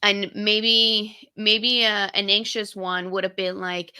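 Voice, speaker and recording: A woman's voice: mid-range voice, flat delivery, measured pace, hardly any pauses, bright, forceful tone, smooth. A young woman co-hosting a podcast, talking candidly and casually, swearing now and then as she retells personal moments. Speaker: podcast co-host. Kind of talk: casual conversation.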